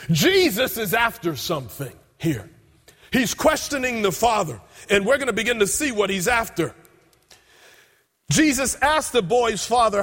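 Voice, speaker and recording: A man preaching a sermon, telling a scripture story with emphatic, drawn-out quotes. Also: extremely high pitch, lively intonation, fairly bright tone. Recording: long reverb in a large hall.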